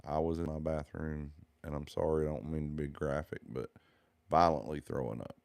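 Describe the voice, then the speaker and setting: A man's voice: extremely low pitch, fairly even intonation, moderate pace, creaky, a little mellow, dry recording. A man, telling his personal testimony in an earnest, heartfelt, rambling way.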